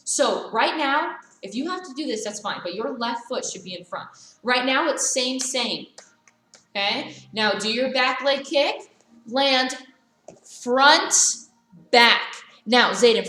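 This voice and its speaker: A woman teaching a live virtual karate class, calling out brisk commands and corrections to her students. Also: a little high, sharp tone. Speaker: karate instructor. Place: karate studio, indoors. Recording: echoey room.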